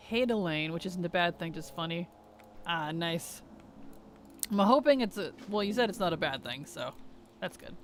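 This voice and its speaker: A woman streaming a game, chatting casually with viewers, chatty and giggly with animated rants. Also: medium pitch. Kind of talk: casual gameplay chat with viewers.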